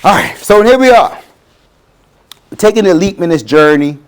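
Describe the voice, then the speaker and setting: Animated man giving a motivational talk. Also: high-pitched, moderate pace. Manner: animated, acts out quotes in changing voices. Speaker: guest speaker.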